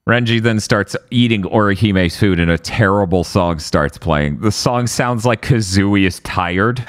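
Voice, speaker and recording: A man's voice: on the low side, lively intonation, unhurried, no echo, clean studio sound. A man casually recapping episodes on a podcast, sardonic and exasperated, swearing now and then.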